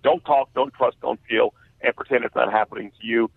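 Gravelly man on a tinny phone line. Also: medium pitch, fairly even intonation. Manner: earnest, halting storytelling with many fillers. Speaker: guest author. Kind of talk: personal testimony in a radio interview.

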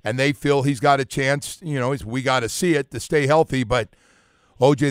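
Smooth-voiced radio sports host. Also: male voice, mid-range voice, no room sound, studio quality. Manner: lively, asks long questions. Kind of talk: casual sports chat.

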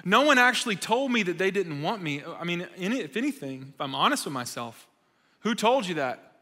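A man's voice: high voice, sing-song, brisk, pushed and bright. A man preaching to young adults, telling stories in a conversational, emphatic way with self-deprecating humor. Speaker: speaker at a young adults' church gathering. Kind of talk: sermon. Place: church meeting hall. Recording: reverberant hall sound.

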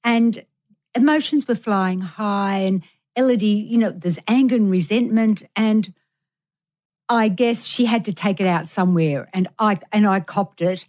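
A woman's voice: medium pitch, unhurried, darkish tone. A middle-aged woman, a mother, answering an interview candidly and reflectively. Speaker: guest, a co-host's mother.

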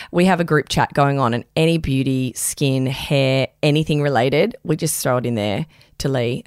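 A woman's voice: very deep voice, no echo, studio quality. A young woman hosting a podcast, rambling and swearing freely in casual chat. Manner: rambling, swears a lot, talks fast when excited. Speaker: podcast host. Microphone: studio headphones and mic.

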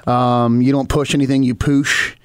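A man's voice: mid-range voice, fairly quick, dry recording. A man from Maryland with a faint Appalachian accent, rambling through casual podcast chat and dropping "man" and "dude" often. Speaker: podcast co-host.

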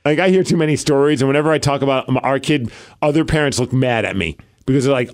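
A man's voice: mid-range voice, fast talker. A young adult man co-hosting a podcast, trading jokes in casual chat. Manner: jokey, animated banter. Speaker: podcast co-host.

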